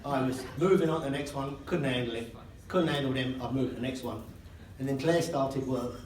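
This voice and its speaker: The bride's father, an older man, speaks briskly in a medium-pitched, slightly mellow voice. He jokes about himself and laughs between lines during his wedding speech, heard from afar in an echoey, noisy indoor reception hall.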